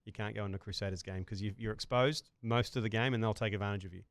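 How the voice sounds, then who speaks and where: NZ male host with a crisp, clean voice for laid-back sports banter. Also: fairly low pitch, steady tone, dry recording, studio quality. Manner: jokey, storytelling, quick asides. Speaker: podcast host. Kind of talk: casual sports podcast banter.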